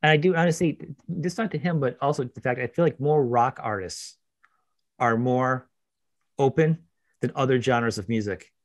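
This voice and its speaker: A man's voice: medium pitch, normal speed, no room sound, studio quality. A man hosting a podcast, chatting casually and giving his opinions. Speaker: podcast host. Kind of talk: casual interview chat.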